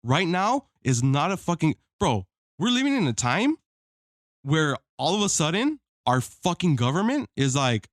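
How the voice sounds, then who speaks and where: A man's voice: on the high side, very animated, moderate pace, dry recording, studio quality. A man co-hosting a podcast, pushing back insistently in a heated casual debate and swearing freely. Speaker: podcast co-host.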